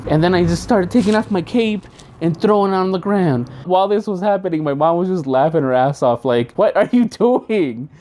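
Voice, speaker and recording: A man casually telling a funny childhood story, animated and profane, acting out the quotes. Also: on the high side. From outside the United States.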